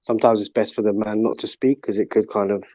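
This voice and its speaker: A man speaking as a panelist, measured and reasoning his point aloud. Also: lowish voice, little pitch movement, warm tone, no room sound, dull audio. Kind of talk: casual panel discussion.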